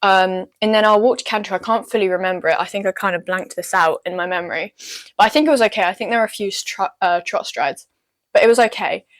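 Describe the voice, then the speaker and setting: A woman's voice: medium pitch, fast. Young woman rambling about her horse test, lots of ums and likes, laughs at herself. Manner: chatty, self-deprecating, many ums and likes. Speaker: horse rider recounting a dressage test. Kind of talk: casual storytelling vlog.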